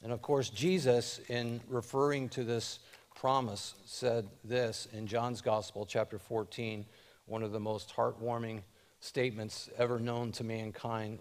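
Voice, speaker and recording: Man preaching in measured phrases. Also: lowish voice, a little mellow. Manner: reads scripture aloud with rising emphasis. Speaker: pastor. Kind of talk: sermon.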